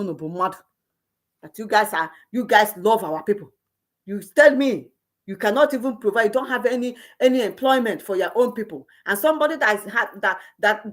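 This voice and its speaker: A woman's voice: medium pitch, fairly bright tone. A middle-aged woman gives an impassioned, scolding monologue, repeating herself and restarting words often. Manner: heated, repetitive, scolding, with frequent stammered restarts. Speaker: political commentator.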